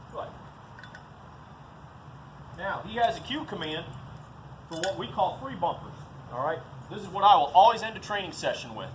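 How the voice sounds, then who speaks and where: Man giving outdoor dog-training lessons. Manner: instructive, breaks into high excited praise for the dog. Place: outdoors in a field. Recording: noisy outdoor recording.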